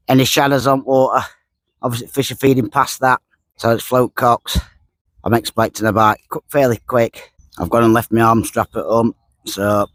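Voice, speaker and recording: Out at the lakeside, a man who vlogs about fishing talks loosely to the camera as he fishes, skipping words and saying things twice. The medium-pitched voice comes through in a dry recording.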